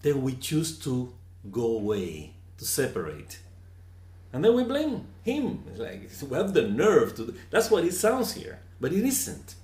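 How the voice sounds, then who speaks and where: A man giving a slow, earnest reflective teaching on scripture, often repeating words for emphasis. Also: mid-range voice, huge pitch swings, a little mellow, roomy sound. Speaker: spiritual teacher.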